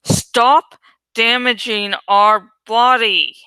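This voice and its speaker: A woman voicing a tormented male schoolteacher who shouts and cries out in anguish while possessed. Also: fairly high pitch, extremely slow, clean tone, dry recording, exaggerated voice, low-quality recording. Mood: anguished crying.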